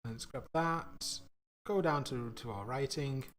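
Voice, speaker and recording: A man streaming himself coding, thinking aloud in a casual, halting way, often trailing off and laughing at his own mistakes. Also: medium pitch, fairly bright tone, a little hiss or hum. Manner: slow, halting, self-mocking, laughs at himself.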